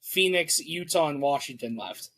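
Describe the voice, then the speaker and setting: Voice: mid-range voice, lively intonation, normal speed, fairly bright tone, low-quality recording. A podcast co-host running a sports guessing game from home, teasing and drawn out in reactions. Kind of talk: casual chat.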